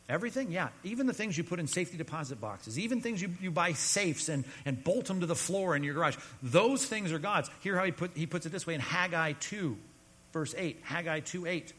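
A pastor delivers a sermon in a slightly high, husky voice. He talks to the congregation in a conversational, emphatic way and drops abruptly to hushed low lines. A long reverb trails his words in a large hall. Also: animated, a little fast. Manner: emphatic, conversational preaching with sudden drops to quiet.

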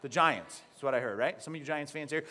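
A male pastor preaching a sermon, lively and teaching, often putting questions to the congregation. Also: a little high, quick pace.

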